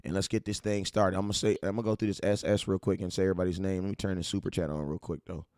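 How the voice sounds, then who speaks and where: A man from California hosting a casual fan-show livestream, hyped and slangy as he shouts out his viewers. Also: low-pitched, level tone, racing, dry recording, studio quality. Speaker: livestream host.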